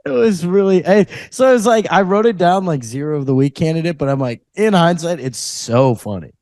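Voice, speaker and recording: A man's voice: a little high, brisk, dry recording, clean studio sound. A man co-hosting a comedy podcast, telling stories with lots of laughs. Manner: laughs often, animated storytelling. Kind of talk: casual chat.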